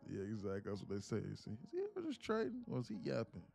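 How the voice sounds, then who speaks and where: A man's voice: lowish voice, huge pitch swings, rapid-fire, vocal fry, a little mellow. A man, a live-stream day trader, chatting casually and profanely, joking and reading viewers' comments aloud. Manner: joking, profane, slangy, reads chat aloud.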